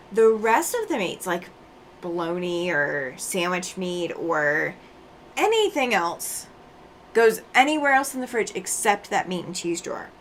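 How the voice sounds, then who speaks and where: A woman's voice: medium pitch, fairly bright tone, slight background noise. A woman hosting a quilting livestream, chatting casually and laughing often while she sews and reads out viewer comments; she sounds tired after road travel.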